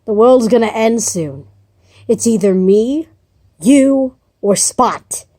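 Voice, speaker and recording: A woman voicing a despairing doll girl who turns into a cold killer, speaking flatly and bitterly, in a casual story pitch. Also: takes it slowly, no echo, clean studio sound.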